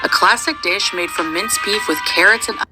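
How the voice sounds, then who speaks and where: A woman's voice: mid-range voice, normal speed, over loud music, poor audio. A woman narrating her own cooking video, chatty and walking through each step. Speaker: cooking vlogger.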